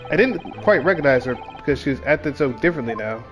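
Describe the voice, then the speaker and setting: A man's voice: mid-range voice, lively intonation, fast, soft background music. A man streaming a game, chatting casually between lines with slangy, self-deprecating jokes. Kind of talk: casual gaming commentary.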